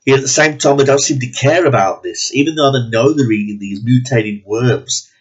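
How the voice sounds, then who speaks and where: A man's voice: mid-range voice, moderate pace, slightly rough. A man ranting bluntly and profanely in a movie review, sounding disgusted and exasperated. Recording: dull lo-fi recording.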